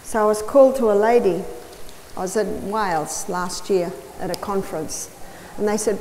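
A woman's voice: mid-range voice, normal speed, dark tone. A woman giving a health lecture to an audience, explaining step by step and telling stories with emphatic repetition. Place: large hall or church. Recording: reverberant hall with faint noise.

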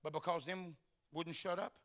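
A man's voice: on the high side, steady tone, normal speed, fairly bright tone. A man preaching a sermon in a church, telling folksy stories and acting out the dialogue. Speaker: pastor. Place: church sanctuary.

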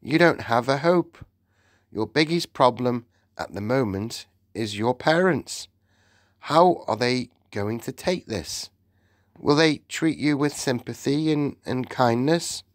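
A man's voice: medium pitch, animated, slow pace, dry recording, studio quality, voice pushed up. A man voicing a sensible young boy who has been turned into a mouse, explaining things patiently and matter-of-factly in an audiobook.

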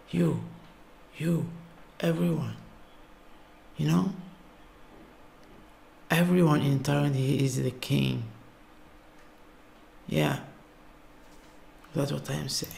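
Gravelly Algerian man, awed reaction. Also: medium pitch, a little mellow, slight background noise. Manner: awed, exclaiming, halting non-native English. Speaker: reaction video host. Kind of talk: casual reaction commentary.

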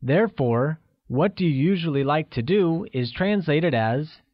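A man's voice: a little high, expressive, no room sound, muffled recording. A man narrating a scripted language lesson, carefully enunciating and explaining each word. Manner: slow, carefully enunciated teaching delivery. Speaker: language teacher.

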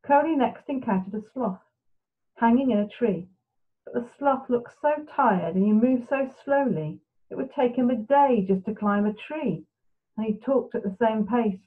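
A woman reading a bedtime storybook aloud in a soft, steady way. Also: fairly high pitch, moderate pace. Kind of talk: gentle storybook narration. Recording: tinny phone-like sound.

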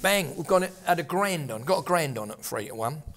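An older man from England spins a rambling tale among friends, swearing freely and breaking into laughs. His voice sits on the high side for a man. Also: expressive, fairly quick, a bit bright. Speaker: storyteller at a table of old friends. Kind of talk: casual anecdote telling.

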